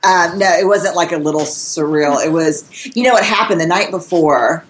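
A woman with a notably low voice tells a story in an open, animated way. She talks casually, with the odd swear word, as a guest recounting her experiences. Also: moderate pace, slight background noise. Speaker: guest author and researcher.

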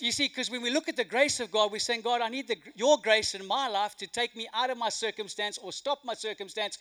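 A man delivers a sermon with a high, bright voice. He moves from loud, emphatic lines to near-whispered hush. His telling is animated throughout. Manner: animated, swinging from loud emphasis to hushed quiet. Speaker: pastor. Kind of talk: sermon with a told joke. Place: church hall.

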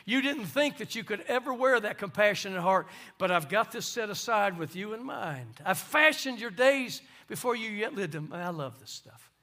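High, bright-voiced preaching man. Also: animated, moderate pace, hardly any pauses. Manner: preaching with swings from soft asides to loud emphasis. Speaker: pastor. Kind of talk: sermon.

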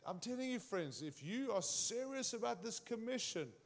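A man preaching a sermon, speaking emphatically and straight to his congregation, swinging his pitch and volume widely. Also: big pitch swings, normal speed.

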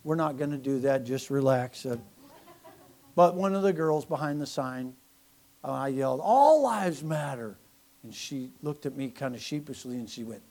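A man preaching a sermon as pastor, animated and sarcastic, swinging from loud preaching to quiet asides. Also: mid-range voice, moderate pace. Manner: mocking, sarcastic humor.

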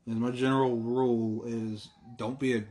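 A man's voice: medium pitch, little pitch movement, normal speed, darkish tone. Southern man chatting loosely. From American South. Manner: rambling, restarts, casual swearing. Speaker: podcast co-host. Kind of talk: casual chat.

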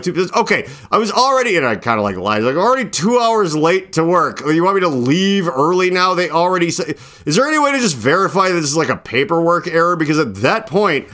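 A man's voice: a little high, fairly bright tone. A young adult man hosting a casual podcast, rambling through a long story, full of "like" and acting out both sides of his phone calls. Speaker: podcast host. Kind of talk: casual late-night storytelling chat.

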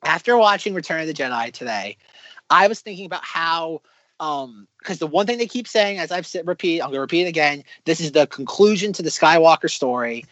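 A man co-hosting a casual podcast, talking in long excited run-on predictions with many restarts. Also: on the high side, fairly quick, no echo. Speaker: podcast co-host.

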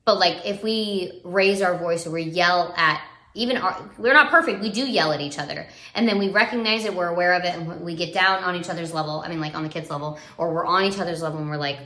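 Young mom vlogger rambling about parenting, lots of likes and restarts, bright tone, echoey room. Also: female voice, on the low side, quick pace. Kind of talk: casual live video chat. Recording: roomy echo.

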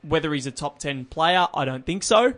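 A man's voice: on the high side, lively intonation, normal speed, fairly bright tone. Rambling man talking tennis. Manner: rambling, many restarts and "look" fillers. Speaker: podcast host. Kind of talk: casual sports chat.

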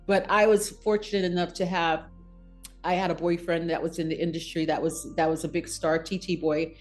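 A woman guest in a casual interview, telling her story in an animated way, laughing often and going high when she quotes people. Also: brisk, soft background music.

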